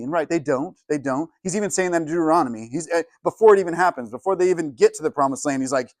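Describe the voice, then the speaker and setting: Conversational pastor, dry sound. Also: male voice, rapid-fire, hardly any pauses, no echo. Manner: casual, conversational, frequent "right?" and "like"; swells loud and high for emphasis. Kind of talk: teaching sermon. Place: church hall.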